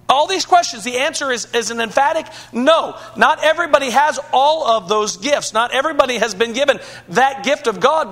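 A man's voice: extremely high pitch, fairly bright tone. A man preaching a sermon as pastor, earnest, asking rhetorical questions and often restarting his sentences.

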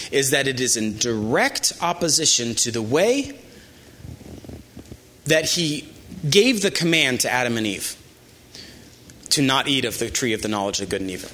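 A male pastor preaching a sermon in an animated, emphatic way with asides to the congregation. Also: fairly high pitch.

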